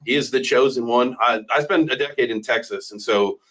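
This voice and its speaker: A man's voice: mid-range voice, a little fast, fairly bright tone, low-quality recording. Joking male livestream host. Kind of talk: casual debate chat.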